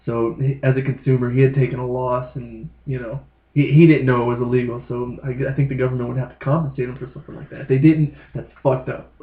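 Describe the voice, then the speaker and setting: A man's voice: medium pitch, fast talker. A man co-hosting a podcast, telling stories casually with lots of swearing. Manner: profane, animated storyteller. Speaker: podcast co-host. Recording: echoey, phone-like lo-fi sound.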